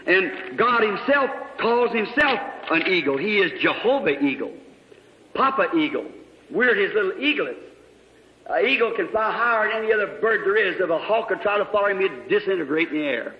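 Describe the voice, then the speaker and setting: A man preaching a sermon, telling a story with his voice swinging from hushed asides to sudden shouts. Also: high-pitched, very animated, normal speed. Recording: echoey hall, muffled old recording.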